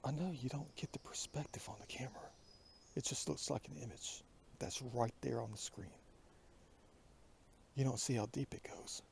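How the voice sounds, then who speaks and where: A man's voice: medium pitch, normal speed, gravelly, long pauses, slight background noise. A man vlogging outdoors on a wooded mountain road, talking to a handheld camera and often dropping into a whisper. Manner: rambling, often drops to a whisper. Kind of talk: outdoor hiking vlog.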